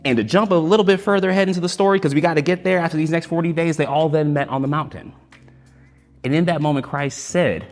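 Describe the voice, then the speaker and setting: A man telling a sacred story as a dramatic spoken-word sermon, swinging between hushed and loud and slowing for emphasis. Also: on the high side. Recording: long hall reverb, faint music.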